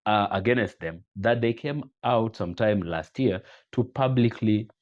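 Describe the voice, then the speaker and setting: Low-voiced man hosting commentary. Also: expressive, a little mellow, muffled recording. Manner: measured, quotes old sayings. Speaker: channel host. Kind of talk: commentary video.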